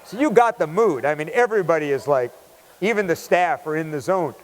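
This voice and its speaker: A man tells a lively story during a keynote, chatty and animated. His voice sits a bit high for a man. A long reverb from a large hall follows each phrase. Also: fairly quick, a little hiss or hum. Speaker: keynote speaker.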